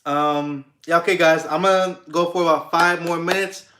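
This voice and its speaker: A man's voice: fairly high pitch, steady tone, normal speed, bright, forceful tone, a little hiss or hum. Laid-back young man, rambling livestream chat. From United States. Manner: rambling, with many restarts and filler; laid-back, swears casually. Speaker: livestream host. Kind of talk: casual livestream chat reading comments.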